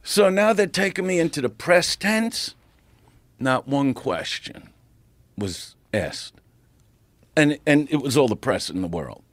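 A middle-aged man holds the floor with a crude, animated anecdote. His pitch leaps and dips as he acts out the people in it. The studio sound is dry and close. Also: slow, long pauses, no echo. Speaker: guest comedian. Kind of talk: casual storytelling. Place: podcast studio.

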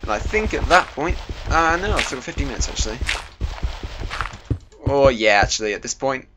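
A man's voice: medium pitch, expressive, normal speed, background noise. A British teenage boy rambling and joking as he plays, sweating in the heat, with a muffled home recording and faint music behind him. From Britain. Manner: rambling, jokey, puts on silly voices. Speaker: gaming YouTuber. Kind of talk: casual Minecraft let's play commentary.

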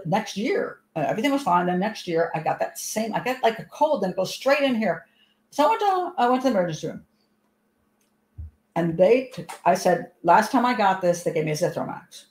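A woman hosting a show, giving casual commentary and telling a rambling, chatty personal story full of restarts. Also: fairly high pitch. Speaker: host and commentator. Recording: echoey room.

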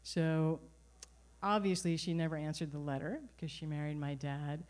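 A middle-aged woman telling a personal story live at a venue, animated and wry. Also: low-pitched, moderate pace. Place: performance venue.

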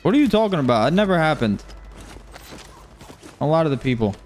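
Excitable whooping gaming streamer man. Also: fairly high pitch, brisk, a little hiss or hum. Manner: excitable, joking, bursts into whooping shouts; swears casually, talks to chat. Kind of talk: live gameplay commentary.

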